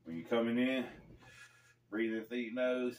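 A man hosting a casual storytelling vlog, talking in a laid-back, slangy way with pauses. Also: mid-range voice, a little mellow, a little hiss or hum. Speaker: storyteller host. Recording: echoey room, mic far off.

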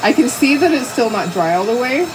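A woman's voice: a little high, lively intonation, fairly quick, noisy background. Chatty older woman painting crafts. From Canada. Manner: chatty, laughs often, talks to viewers. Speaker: craft livestream host. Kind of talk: casual chat while painting crafts.

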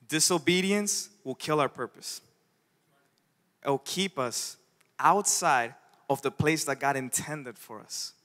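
A man preaches a sermon, his voice bright, forceful and somewhat high. He tells the story in an animated way, putting on the voices of its figures. The long reverb of a church hall trails behind each phrase. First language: Spanish. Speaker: pastor. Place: church sanctuary.

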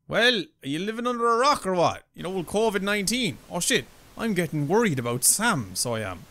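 A young Irish man commentating a horror game from a desk mic, his voice high and all over the place as he jumps from chatter to sudden yelps. The tone is bright and sharp, with a faint hum of room ambience underneath. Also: a little fast, few pauses, rough recording. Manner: excitable, swearing, yelps and screams when startled. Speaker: gaming YouTuber.

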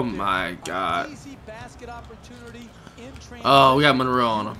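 A young man giving live commentary over his own basketball video game, reacting loudly to each play and talking to the players and his viewers. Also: medium pitch, wildly swooping pitch, takes it slowly, pauses often. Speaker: gaming YouTuber.

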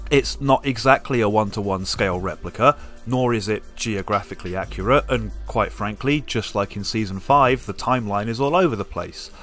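A man's voice: medium pitch, fairly bright tone. A man giving a comedic, scripted tour of a video game build, playful and wry with self-mocking asides.

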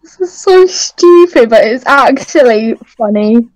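A woman's voice: on the high side, animated, unhurried, a little mellow, no room sound, highs cut off. A woman chatting with a stranger over a webcam, giggly and shy, protesting. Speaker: stranger on video chat. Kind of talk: casual video chat.

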